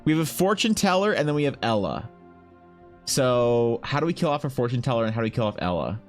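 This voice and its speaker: Male streamer, mid-pitched, rambling casual chat over faint music. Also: big pitch swings, quick pace. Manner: rambling, thinking aloud, answering chat.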